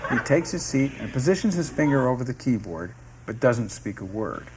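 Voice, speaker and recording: A man narrating the stage directions of a sitcom script in a steady, descriptive reading. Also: medium pitch, moderate pace, noisy background. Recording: music playing underneath.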